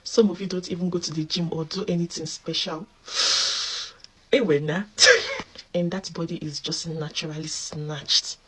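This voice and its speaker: A woman's voice: on the low side, fairly even intonation, measured pace, fairly bright tone, slightly rough, rough recording. A Nigerian woman with a Nigerian accent, chatting in a casual social media video and often exclaiming, amused.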